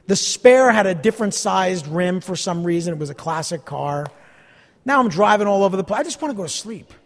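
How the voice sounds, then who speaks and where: A pastor preaching a sermon, telling stories about himself with self-deprecating humor. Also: male voice, high-pitched, lively intonation, brisk, in a large hall.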